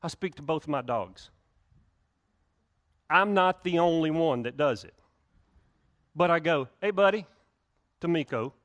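Pastor preaching, higher-pitched man. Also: unhurried, long pauses, fairly bright tone. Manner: conversational preaching with frequent restarts and acted-out quotes. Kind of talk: sermon. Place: church sanctuary.

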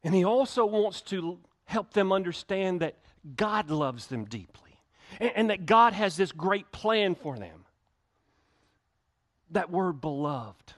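A man's voice: high voice, very animated, slow. A male pastor, preaching a conversational sermon to his church with frequent restarts and acted-out quotes. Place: church sanctuary.

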